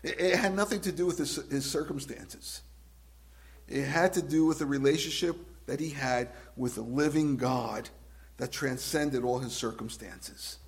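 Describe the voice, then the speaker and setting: Man preaching with hushed-to-loud swings. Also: mid-range voice. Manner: dramatic swings from loud emphasis to hushed, drawn-out words; asks the congregation direct questions. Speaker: pastor. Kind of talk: sermon.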